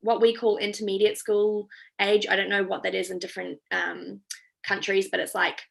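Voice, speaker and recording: A woman's voice: medium pitch, level tone, normal speed, vocal fry. A young woman from New Zealand with a slightly Australian-tinged accent, chatting casually over a video call with lots of ums. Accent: New Zealand, with some Australian. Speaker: veterinarian giving a talk.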